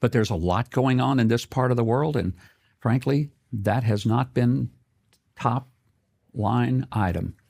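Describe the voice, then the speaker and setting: A man's voice: medium pitch, measured pace, creaky, a little mellow. A man answering interview questions as a government official, folksy and evasive.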